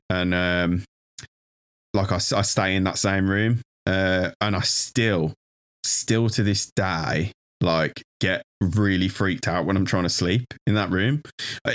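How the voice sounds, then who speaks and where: A man talking casually on a podcast about sleeping in an old room, hesitant with lots of fillers. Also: low-pitched. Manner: hesitant, many fillers and restarts. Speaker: podcast co-host. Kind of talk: casual conversation.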